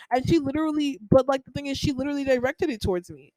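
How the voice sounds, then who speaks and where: A woman's voice: high voice, very fast, few pauses, dark tone, no room sound, low-quality recording. Young woman ranting on a podcast. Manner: rambling, heated, lots of filler words. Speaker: podcast host. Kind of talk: casual personal storytelling.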